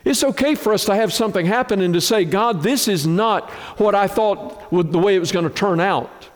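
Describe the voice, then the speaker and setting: A man preaching a sermon as pastor, slow and emphatic, with dramatic swings in pitch. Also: big-room sound.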